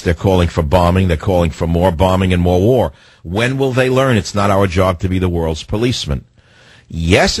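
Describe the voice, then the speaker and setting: An older man with a deep, husky voice holds forth on talk radio. He is combative and emphatic, repeating his phrases for force. The sound is dry and close. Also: dry recording, poor audio. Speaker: radio talk show host. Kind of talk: political talk radio monologue.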